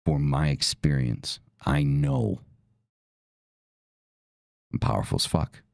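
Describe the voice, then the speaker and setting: A man's voice: extremely low pitch, wildly swooping pitch, takes it slowly, creaky, darkish tone, no echo. A man hosting a podcast, talking casually, blunt and profane with emphatic delivery. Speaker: podcast host. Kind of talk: casual talk.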